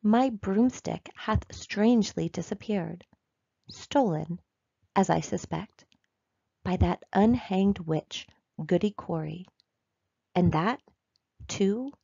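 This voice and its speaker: A woman's voice: mid-range voice, slow, vocal fry, pauses often, warm tone, slightly rough, no room sound, highs cut off, exaggerated voice. A woman reading aloud, voicing a sly, cackling old witch who poses as pious.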